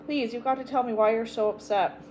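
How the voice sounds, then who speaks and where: A woman's voice: fairly high pitch, fairly even intonation, fairly quick, darkish tone, slight background noise, pitched above the performer's own voice, natural voice. An earnest, worried young girl from a storybook, read by a woman. She pleads with an anxious, heartfelt urgency. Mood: pleading.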